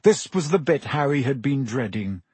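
A man reading a fantasy story aloud in an expressive audiobook style. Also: medium pitch, normal speed, breathy edge, no echo. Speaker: audiobook narrator.

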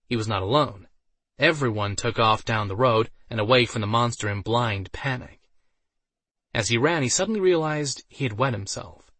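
A man narrating a fantasy story in a steady, even storytelling manner. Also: medium pitch, no echo. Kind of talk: audiobook narration.

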